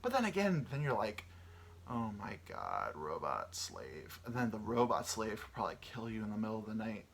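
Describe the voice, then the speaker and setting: A man's voice: lowish voice, fast, hardly any pauses, a little hiss or hum. A man in his thirties hosting a rambling solo chat. He meanders, muses aloud and swears casually, and he sounds tired from little sleep. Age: 30s. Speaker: podcast host.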